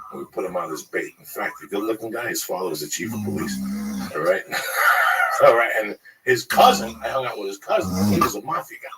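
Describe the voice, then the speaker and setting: A man telling rambling, profane street stories in a casual group conversation. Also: lowish voice. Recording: distant mic with clear background noise.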